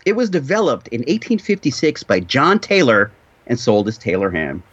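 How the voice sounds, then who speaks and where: A man's voice: mid-range voice, very animated, moderate pace, fairly bright tone, breathy edge, no echo, lo-fi sound. A man hosting a podcast in casual chat, wry and teasing with playful asides. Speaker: podcast host.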